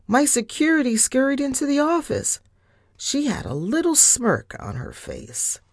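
Slow, expressive woman reading a storybook. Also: high-pitched, no room sound, clean studio sound. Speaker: storybook reader. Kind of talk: reading a children's book aloud.

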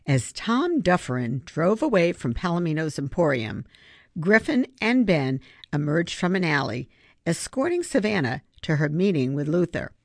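An audiobook reader giving expressive scripted narration. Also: medium pitch, normal speed, no echo, studio quality. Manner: expressive storytelling.

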